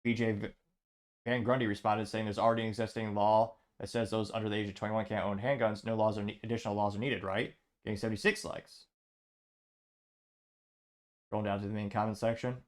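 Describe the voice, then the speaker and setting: A man's voice: lowish voice, level tone, brisk. A man hosting a show, reading social media posts aloud and adding wry asides. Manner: reads comments out, adds wry asides. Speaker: host.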